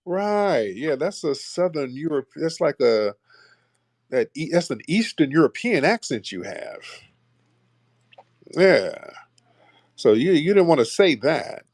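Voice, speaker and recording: A man's voice: a little high, very animated, takes it slowly, long pauses, a little mellow, dry recording. A man hosting a call-in show, blunt and mocking toward callers, often repeating himself. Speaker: host taking callers. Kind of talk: combative call-in talk.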